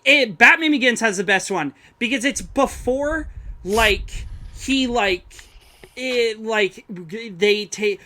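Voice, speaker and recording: A young man in a casual film discussion, talking in a halting way as he searches for words, with loose, amused slang. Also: very high-pitched, pushed and bright. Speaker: film podcast co-host.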